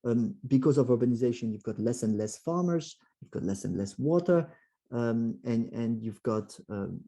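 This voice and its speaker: A moderate pace and medium pitch mark this male guest speaker, a Frenchman with a French accent giving a talk to a club. He keeps restarting, uses plenty of fillers, and acts out quotations with animated voices.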